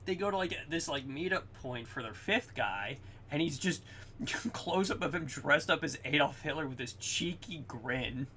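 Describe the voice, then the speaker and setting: A young man chatting on a podcast in an animated, profane way, retelling film scenes with gusto. His voice sounds bright and forward. There is a faint hiss of background noise behind him. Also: a little high, moderate pace. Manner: excited, swears often, acts out quotes. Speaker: podcast co-host. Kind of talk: casual chat.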